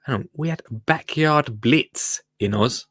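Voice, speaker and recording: Male host, casual live chat, rambling and jokey, mid-pitched, dry close sound. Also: slow, fairly bright tone, husky, no room sound. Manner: chatty, rambling, jokey, self-interrupting. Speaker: host of a live gardening show.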